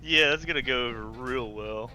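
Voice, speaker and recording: A man's voice: mid-range voice, normal speed, sharp tone. A man playing a tabletop game, talking hesitantly and restarting his sentences. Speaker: player. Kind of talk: casual game-table banter.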